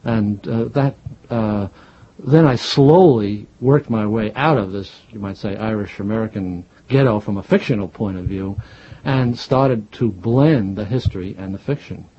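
A man's voice: on the low side, a little slow, slight background noise. A man in his sixties with a Jersey City accent that drops R's, talking about his past as an interview guest, with many hesitant uh's and chuckles. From Jersey City, New Jersey. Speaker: guest, historian and novelist. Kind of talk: reflective interview conversation. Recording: dull lo-fi recording.

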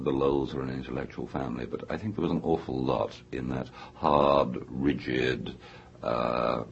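A man's voice: very deep voice, vocal fry, a little hiss or hum. A middle-aged English man, an author being interviewed in a radio studio, talking in an erudite, discursive way with many hesitations. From England. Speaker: author guest. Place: New York radio studio.

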